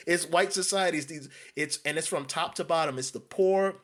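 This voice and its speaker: A man's voice: on the high side, measured pace, fairly bright tone. A man from New York delivering an emphatic ranting monologue, repeating and restarting phrases. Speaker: commentator.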